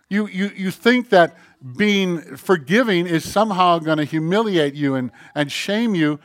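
A middle-aged man preaching a sermon, animated and self-mocking, firing off rhetorical questions. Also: sits high, measured pace, hardly any pauses, no room sound, studio quality. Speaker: pastor.

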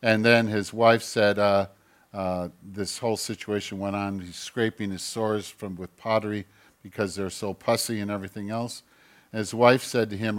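A male pastor giving a sermon, reading scripture aloud with loud emphatic peaks and quiet asides, often clearing his throat and correcting himself. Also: lowish voice, steady tone, moderate pace.

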